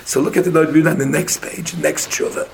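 A man in a casual Talmud study session, arguing a passage quickly and mixing English with Hebrew and Aramaic terms. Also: on the high side, steady tone, vocal fry, a little mellow, a little hiss or hum.

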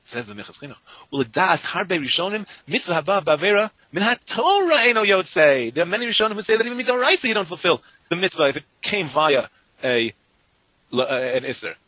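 A man teaching a Talmud class to students, animated and talking in rapid bursts, chanting the Hebrew and Aramaic texts in a sing-song lilt. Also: sits high, dry recording, poor audio.

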